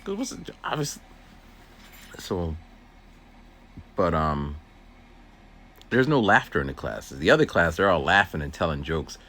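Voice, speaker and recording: Brief: low male voice, huge pitch swings, rambling outdoor walk-and-talk storyteller. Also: big pitch swings, measured pace, long pauses, a bit bright. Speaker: teacher's aide. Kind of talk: casual walking vlog monologue. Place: outdoors, walking.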